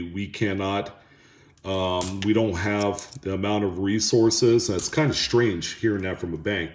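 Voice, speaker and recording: A man hosting a coin roll hunting video, chatting casually and haltingly to viewers as he sorts coins. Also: low voice, slight background noise. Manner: rambling, halting, talks to viewers. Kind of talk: casual chat while sorting coins. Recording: echoey room with coin clinking.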